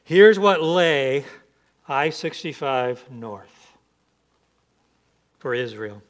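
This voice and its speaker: A man's voice: medium pitch, expressive, very slow. A man pastor preaching an emphatic sermon, asking the congregation rhetorical questions.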